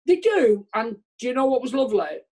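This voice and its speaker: A man's voice: extremely high pitch, sing-song, a little fast, darkish tone, husky. A man who is a comedian, chatting candidly as an interview guest over a video call, rambling and self-deprecating and trailing off mid-sentence. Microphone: remote video call.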